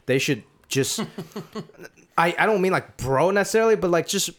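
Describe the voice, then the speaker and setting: Slangy dude on a podcast, higher voice, swings up and down a lot, swears. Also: male voice, expressive, normal speed, fairly bright tone. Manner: loose, swearing, emphatic slang. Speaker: podcast host. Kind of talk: casual chat.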